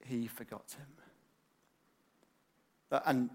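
Animated man preaching a sermon. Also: mid-range voice, takes it slowly, breathy edge. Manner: animated, acts out excited quotes; frequent fillers and repeated words.

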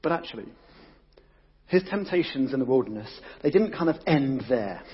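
A man giving an energetic, exclamatory sermon to a young audience, using casual slang. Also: mid-range voice, moderate pace, breathy edge, big-room sound, lo-fi sound. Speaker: youth preacher.

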